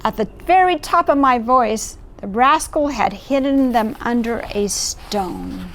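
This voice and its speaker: A woman's voice: a little high, big pitch swings, measured pace, a bit bright. A woman voicing a clever, scheming male cat who bosses people and spins tall tales. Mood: indignant. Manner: urgent, bossy, persuasive.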